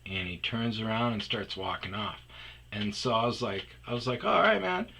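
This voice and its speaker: A man's voice: fairly low pitch, fairly even intonation, moderate pace, sharp tone, slight background noise. A man hosting his own vlog, telling a rambling, profane story in a casual monologue. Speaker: vlog host telling stories.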